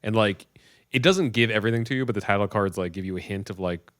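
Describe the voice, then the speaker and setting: A man in his thirties, co-hosting a casual podcast chat, retelling movie scenes with lively acted-out voices. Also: quick pace, dry recording, clean studio sound. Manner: animated storyteller, acts out movie scenes in loud high voices. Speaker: podcast co-host.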